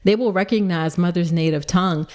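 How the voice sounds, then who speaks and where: A woman obstetrician hosting a solo podcast, talking fast and excitedly as she gives advice to listeners. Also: lowish voice. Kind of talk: solo educational podcast talk.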